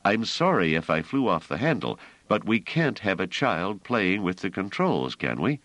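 A man's voice: low voice, very animated, normal speed, a bit bright, dry recording, pitched above the performer's own voice. A man reading an audiobook, voicing a tense, short-tempered male pilot in a curt, irritable tone.

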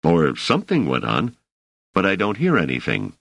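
A man's voice: sits low, wildly swooping pitch, moderate pace, vocal fry, a bit bright, no echo, heavily acted. A man reading the part of a wary male scholar, dry and mildly exasperated, in an audiobook. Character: wary male scholar, a guest in a strange place.

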